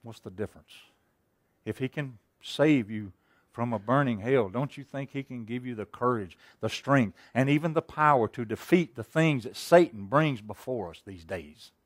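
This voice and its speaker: Male pastor, folksy sermon storyteller, mid-pitched, dry close recording. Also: lively intonation, normal speed, no room sound. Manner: folksy storytelling preacher, rhetorical questions, swings between loud and hushed.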